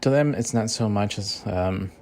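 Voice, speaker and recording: A man with a lowish, gravelly voice vents in a loose, heated rant. He swears constantly and strings thoughts together with fillers, sounding like an unscripted host talking straight to his audience. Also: moderate pace, a little mellow, slight background noise. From Mexican-American. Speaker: podcast host. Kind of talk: profane casual rant.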